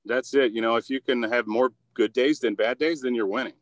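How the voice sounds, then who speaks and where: A man's voice: mid-range voice, fairly even intonation, a little fast, no room sound. A man who is a voice actor and commercial producer, answering interview questions in an upbeat, goofy way, with lots of fillers and restarts. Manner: upbeat and goofy, with many fillers and repeated starts.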